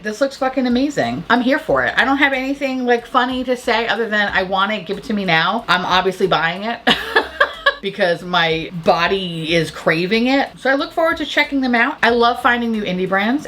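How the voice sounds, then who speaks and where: Casual woman vlogger, lively swoops in pitch, profane and rambling, quick to laugh. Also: slight background noise. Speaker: makeup vlogger. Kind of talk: casual makeup chat.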